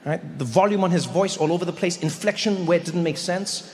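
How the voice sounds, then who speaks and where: A man performing a stand-up comedy set, animated, hammering home repeated punchlines. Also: high-pitched, a little fast, a little hiss or hum. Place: live comedy venue. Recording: echoey live hall. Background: audience laughter.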